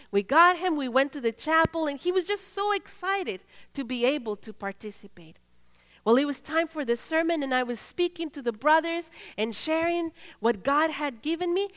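A woman preaching in a church, telling a story earnestly and swinging between loud and hushed. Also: high voice, big-room sound. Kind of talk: sermon storytelling.

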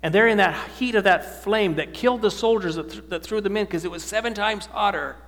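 Preaching to a live crowd in a church or meeting hall, a man speaks in a high-pitched, somewhat bright voice at a fairly quick clip. He keeps asking his listeners questions and answering them himself, and the recording carries a long hall reverb.

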